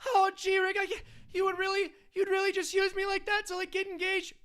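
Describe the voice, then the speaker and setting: A man voicing a whiny, anxious teenage boy sidekick who stammers and pleads in a high, cracking voice. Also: monotone, fairly quick, sharp tone.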